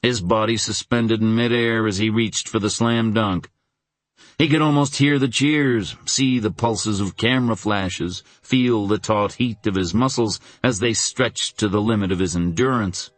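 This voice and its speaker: A man with a very low voice reads a suspense audiobook in a measured, dramatic way. The recording is close and completely dry. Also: dry recording. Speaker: audiobook narrator. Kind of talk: scripted narration.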